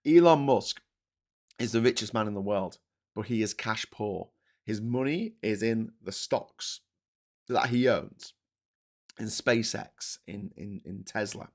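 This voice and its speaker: A man's voice: on the low side, a bit bright. A middle-aged man from England hosting a live stream, chatting casually, reading out viewer comments, swearing and restarting his sentences. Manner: rambling, swears, frequent restarts.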